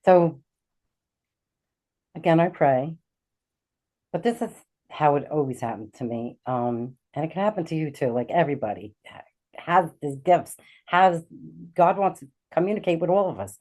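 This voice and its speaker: A middle-aged woman, a guest on a talk show, telling a personal story with animated energy and acting out the lines of the people in it. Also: deep voice, moderate pace, pauses often. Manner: animated, acts out quoted dialogue. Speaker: guest, intuitive healer.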